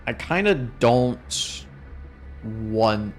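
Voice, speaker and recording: A man's voice: fairly low pitch, expressive, extremely slow, faint music behind. A young man streaming a video game, sounding exhausted and talking in a rambling, self-deprecating way. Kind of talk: casual gameplay commentary.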